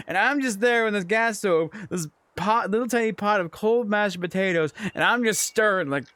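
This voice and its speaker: A young man streaming, telling a funny story in casual chat, animated and laughing often. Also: high-pitched, normal speed, dry recording. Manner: animated, laughs often, acts out quoted voices.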